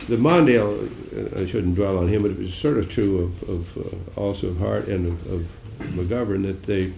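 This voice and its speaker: Gravelly-voiced older man, dry wit. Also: deep voice, normal speed, mellow, reverberant, a little hiss or hum. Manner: dry, wry humor, musing and digressive. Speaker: senator answering audience questions. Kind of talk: political talk with audience Q&A.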